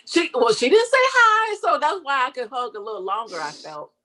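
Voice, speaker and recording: A woman guest chatting in a casual interview, animated, laughing often and slipping into quoted voices. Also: high-pitched, moderate pace. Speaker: interview guest, comedian and online creator.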